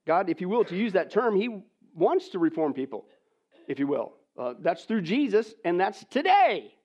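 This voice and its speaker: A man preaching a sermon, swinging between hushed, near-whispered lines and loud, emphatic ones, and asking the audience rhetorical questions. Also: sits high, big pitch swings, normal speed. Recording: dull lo-fi recording.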